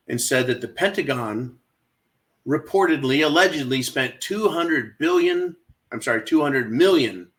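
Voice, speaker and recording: A man with a mid-range, fairly bright voice hosts his own channel, ranting sarcastically about politics. He mocks as he goes, keeps calling his audience "folks," and keeps asking "right?"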